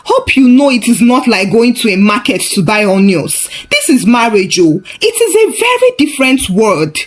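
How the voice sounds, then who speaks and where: A woman's voice: a little high, big pitch swings, moderate pace. A woman voicing a sensible young female friend who gives matter-of-fact warnings. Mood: teasing.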